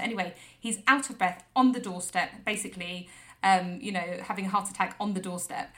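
A woman's voice: mid-range voice, brisk, pushed and bright. A woman co-hosting a comedy podcast, telling a rambling anecdote with lots of voiced quotes. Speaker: podcast co-host. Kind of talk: comic storytelling chat.

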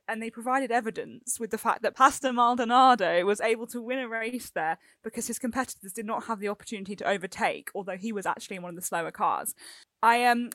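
A woman's voice: medium pitch, fairly bright tone, dry recording. A woman co-hosting a podcast, talking through her notes in a chatty way with small fillers. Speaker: podcast co-host. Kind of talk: podcast discussion.

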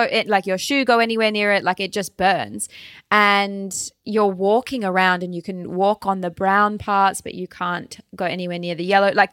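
A woman's voice: mid-range voice, no echo. Chatty Australian woman, dry close sound. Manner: animated, chatty, lots of "like" and "um". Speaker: guest, travel blogger. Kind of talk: casual interview chat.

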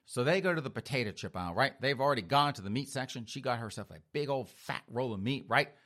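A man's voice: medium pitch, lively intonation, fast talker, a bit bright. A man hosting a comedic news show, retelling stories in a mocking storytelling way and calling listeners "folks.". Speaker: host.

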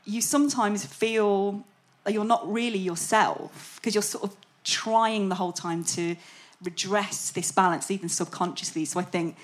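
A woman's voice: mid-range voice, steady tone, normal speed. A woman co-hosting a podcast, chatting casually, giggly and rambling, breaking into silly sung lines. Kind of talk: casual chat.

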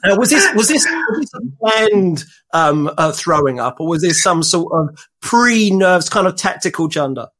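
A man's voice: high-pitched, very animated, fairly bright tone. A man co-hosting a casual podcast chat, telling stories with many stops and restarts. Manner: halting storyteller with many restarts. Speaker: podcast co-host.

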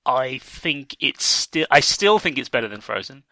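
A man co-hosting a podcast, musing about a film in an easy, conversational way. His voice is bright and forward, at a middling pitch. He often pauses on fillers and circles back to restart a thought, all on a dry close mic. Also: sing-song, no room sound. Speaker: podcast co-host. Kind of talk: casual film discussion.

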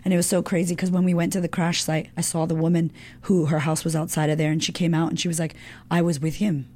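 A woman's voice: sits low, flat delivery, fast talker, darkish tone. A woman guest in an interview, telling a personal story casually and candidly, swearing often and filling her talk with "like".

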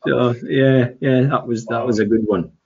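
A man's voice: mid-range voice, steady tone, moderate pace, creaky, a crowd in the background. A man in his sixties, a guest telling stories in a rambling, casual way with lots of fillers. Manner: rambling, with many fillers and restarts. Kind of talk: casual storytelling. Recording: dull lo-fi sound.

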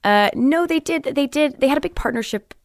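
A young woman, an actor as guest, chatting casually, self-deprecating and quick to laugh, with a slight lisp. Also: high-pitched, lively intonation, no room sound, studio quality. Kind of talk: casual interview chat.

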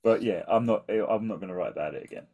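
A man's voice: low voice, quick pace, warm tone, breathy edge, lo-fi sound. A man chatting on a podcast, talking hesitantly with many fillers. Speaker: podcast co-host and writer. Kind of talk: casual chat.

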